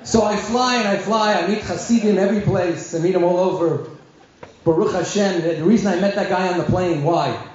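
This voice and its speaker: A middle-aged man, a rabbi, telling a humorous story to an audience in a chatty, joking way with quick asides. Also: sits high, darkish tone, slight background noise. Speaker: rabbi giving a guest talk. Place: large echoey room at a community event. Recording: echoey hall, dull lo-fi sound.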